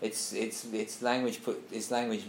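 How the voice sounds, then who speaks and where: A man's voice: lowish voice, flat delivery, moderate pace. Reflective man leading a group talk. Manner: reflective, thinks aloud, reads passages out. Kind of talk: casual group discussion. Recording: echoey room, faint background noise.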